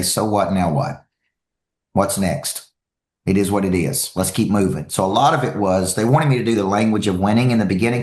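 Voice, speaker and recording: Energetic male motivational speaker, echoey room. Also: fairly low pitch. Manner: energetic, animated storytelling with repeated phrases. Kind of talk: motivational talk to an audience.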